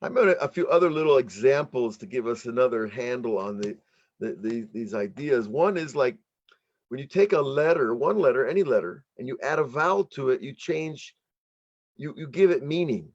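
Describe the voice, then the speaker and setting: A middle-aged American man teaches as a rabbi in an online workshop, at a medium pitch. He explains step by step, often restarting his sentences and laughing easily. The audio sounds somewhat dull and lo-fi. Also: lively intonation, moderate pace. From United States.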